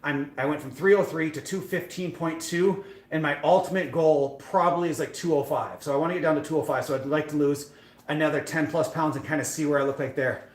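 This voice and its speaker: Fast-talking man in an echoey room. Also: on the high side, fairly even intonation. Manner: rambling, self-deprecating storytelling with many fillers. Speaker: fitness streamer. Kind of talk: casual live-stream chat.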